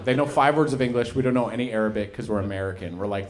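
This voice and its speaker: A man performing a stand-up set, telling stories with animated delivery on a comedy stage. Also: mid-range voice, rapid-fire, a crowd in the background. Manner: animated storytelling.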